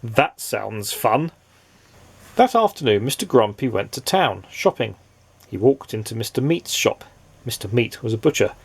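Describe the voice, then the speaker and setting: A man reading a children's storybook aloud in a playful, expressive way, asking the listener questions. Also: medium pitch, moderate pace, gravelly, slightly rough.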